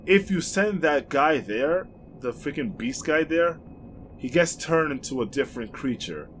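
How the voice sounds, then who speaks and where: A young man hosting a let's play, giving rambling, excitable gameplay commentary and swearing freely. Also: mid-range voice, slight background noise.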